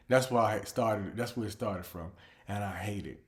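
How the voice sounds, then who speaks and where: A man hosting his own comedy show, ranting animatedly about pet peeves, dropping to low mutters and then bursting out loud. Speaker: comedian host. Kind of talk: comedic monologue.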